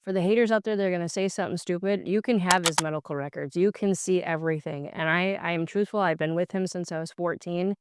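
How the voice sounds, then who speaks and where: Middle-aged woman, co-host, earnest and emotional, smooth clear tone, dry sound. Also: on the low side, fast, few pauses, dry recording. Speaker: co-host, host's wife. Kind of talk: casual video chat.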